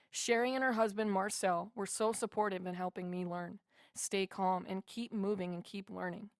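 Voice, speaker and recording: A woman's voice: medium pitch, no echo, clean studio sound. A woman narrating a first-person memoir as an audiobook, in an earnest, heartfelt way.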